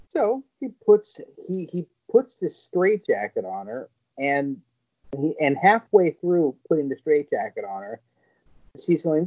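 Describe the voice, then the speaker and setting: A man co-hosting a podcast, retelling scenes in a lively, crude comic way. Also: mid-range voice, measured pace. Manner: lively storytelling, crude jokes. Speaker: podcast co-host. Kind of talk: casual comedic chat. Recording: dull lo-fi podcast audio.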